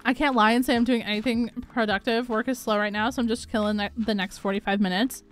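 A young woman hosting a relaxed gaming livestream, chatting upbeat and giggly with her viewers and reading their messages. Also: a little high, quick pace. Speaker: livestream host. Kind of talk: casual chat while gaming, reading chat. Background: faint background music.

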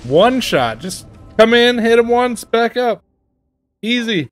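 A man's voice: extremely high pitch, very animated, takes it slowly. A man hosting a reaction video, making amused, offhand remarks about gaming clips. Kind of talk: casual reaction commentary.

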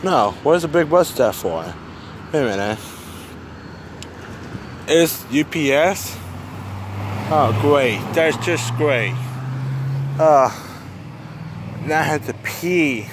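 A rambling, foul-mouthed cartoon duck, played by a man in a fan film, talking slowly in a voice set a little high for a man. He startles easily and flies off the handle. Passing cars and street noise come through clearly behind him. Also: expressive. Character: Donald Duck, panicky hot-tempered cartoon duck. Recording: outdoor traffic noise.

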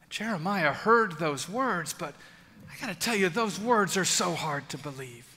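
A man preaching in a large church with a high, bright voice. He speaks earnestly and intimately, leaving dramatic pauses. A long reverb trails after his words. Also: lively intonation, gravelly. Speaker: pastor. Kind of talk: sermon.

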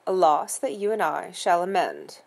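A woman's voice: on the low side, wildly swooping pitch, full character voice. A woman doing a pompous, stiff butler. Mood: stiffly formal. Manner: formal, measured, slow and precise diction. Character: stiff, pompous middle-aged male English-style butler.

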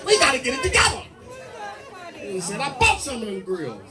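A man doing a crude, rowdy stand-up set full of loud character bits. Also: very high-pitched, huge pitch swings, moderate pace. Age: 40s. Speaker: stand-up comedian. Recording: live club mic, distant with crowd noise.

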